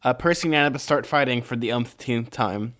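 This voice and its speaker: A man's voice: medium pitch, fairly quick, fairly bright tone. A young man from California co-hosting a casual podcast, rambling and easygoing with lots of filler words. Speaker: podcast co-host. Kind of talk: casual chat.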